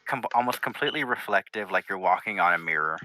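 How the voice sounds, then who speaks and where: A man's voice: low-pitched, animated, fast, background noise. A man narrating a tabletop game as game master, rambling through scene description with many fillers.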